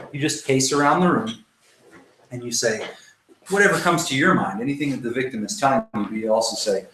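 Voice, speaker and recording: A man coaching a self-help workshop, talking loosely and swearing freely as he demonstrates exercises to camera. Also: medium pitch. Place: indoor room. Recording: roomy echo, faint noise.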